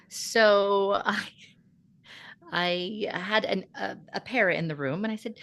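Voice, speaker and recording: A middle-aged woman hosting a chat show, telling an animated story about her teaching day and acting out the people in it. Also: mid-range voice, a little slow, creaky. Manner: animated storytelling, acts out voices. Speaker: podcast host. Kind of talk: casual chat.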